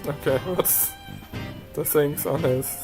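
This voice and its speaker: Unhurried let's player over loud game music. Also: mid-range voice. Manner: chatty, reads game text aloud with quick asides. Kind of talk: casual game commentary.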